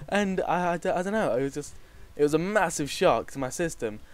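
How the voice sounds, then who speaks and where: Smooth-voiced young man telling a story. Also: on the high side, lively intonation, brisk. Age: young adult. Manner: rambling, restarting often, swearing freely. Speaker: vlogger. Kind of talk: casual storytelling to camera.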